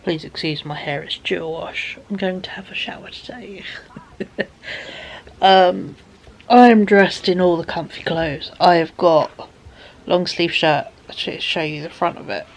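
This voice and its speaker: Slow, gravelly woman vlogging. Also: lowish voice, a little hiss or hum. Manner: rambling, soft, often drops to a whisper. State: tired. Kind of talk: casual chat to camera.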